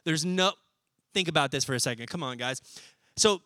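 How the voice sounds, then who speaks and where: A young man preaching a sermon as pastor, talking in a lively, casual way and acting out little scenes as he goes. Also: fairly high pitch, dry recording. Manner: animated, conversational, acts out scenes in quick voices.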